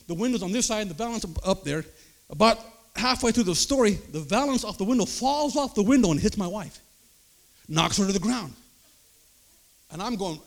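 A man preaching, telling his own testimony story with animated storytelling and acted-out voices. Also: high voice, vocal fry. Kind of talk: sermon testimony.

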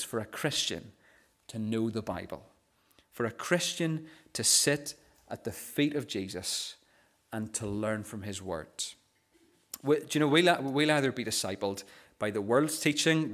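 Man preaching, keeps stuttering on first sounds, goes quiet on the big lines, mid pitch voice. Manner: stammering restarts on first sounds; earnest, drops softer on key phrases. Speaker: pastor. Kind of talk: sermon.

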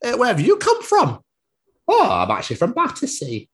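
A host putting on petty garden birds, indignant, sweary, wild pitch swings. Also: huge pitch swings, normal speed. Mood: squabbling. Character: two squabbling garden birds at a feeder. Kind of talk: improvised comedy bit.

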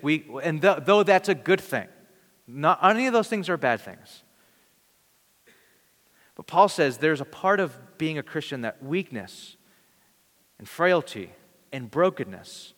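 A man's voice: a little high, fairly bright tone. Earnest man preaching in a hall. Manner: earnest, conversational preaching with dramatic pauses. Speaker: pastor. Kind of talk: sermon. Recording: long reverb of a large hall.

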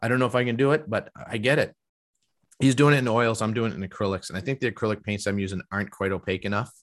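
Rambling, enthusiastic middle-aged man, low voice. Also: fairly even intonation, racing. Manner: rambling, enthusiastic, many restarts. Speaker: podcast host and professional artist. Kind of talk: casual conversation.

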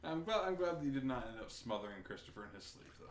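A man's voice: mid-range voice, sing-song, rapid-fire, echoey room, slight background noise. A sleep-deprived young man chatting with friends, rambling and repeating himself with self-mocking humor. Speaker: friend on a trip. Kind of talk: casual chat.

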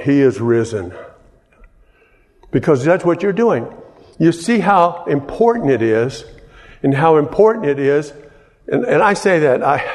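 A pastor preaching slowly and deliberately, his voice trailing off into the long reverb of a church hall. He talks conversationally, repeating and restarting phrases as he works through his point. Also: fairly high pitch, a little mellow. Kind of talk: sermon.

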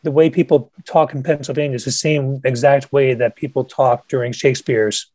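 A relaxed podcast host in a casual interview, trading anecdotes with a guest. The voice is mid-pitched, and the sound is dry and close, with no room around it. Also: moderate pace, no echo.

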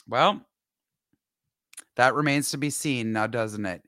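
A woman's voice: very deep voice, takes it slowly, pauses often, a bit bright, dry recording, clean studio sound. A woman co-hosting a podcast, reading a news story aloud with dramatic, sarcastic commentary. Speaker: podcast co-host.

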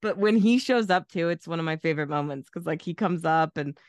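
A woman co-hosting a casual movie podcast, talking in a profane, animated way and jumping up in pitch whenever she quotes a character. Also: a little fast, no echo, clean studio sound. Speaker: podcast co-host.

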